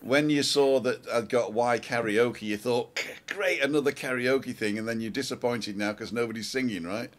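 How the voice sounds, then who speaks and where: A man's voice: medium pitch, normal speed, hardly any pauses. A man hosting a casual talk show, telling stories animatedly and imitating singers. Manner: animated storyteller, mimics singing. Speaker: host. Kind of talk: casual chat.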